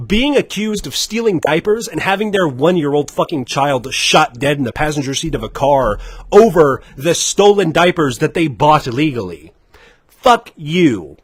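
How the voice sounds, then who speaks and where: A man goes off in a heated, profanity-laced rant as a livestream co-host. His voice sits fairly high and leaps all over the place as he works himself up. The sound is husky, and the room is dead dry. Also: dry recording. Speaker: gaming podcast co-host. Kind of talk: casual livestream chat.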